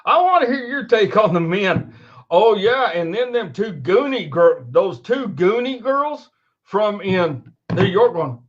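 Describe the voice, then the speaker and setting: A man's voice: sits high, sing-song, measured pace. A man in his fifties hosting a casual call-in show, laughing constantly and talking loosely. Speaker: host. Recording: dull lo-fi recording.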